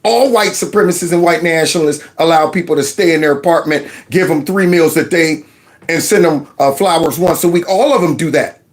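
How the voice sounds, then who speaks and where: A man's voice: fairly high pitch, fairly quick. Sarcastic man hosting a commentary show. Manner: sarcastic, mocking asides. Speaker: commentary channel host. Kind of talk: casual political commentary.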